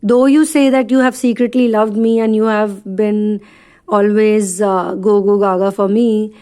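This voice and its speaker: A woman's voice: mid-range voice, steady tone, measured pace, mellow, clean tone, lightly acted. A woman voicing an exasperated young woman who scolds and complains sharply. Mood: reproachful.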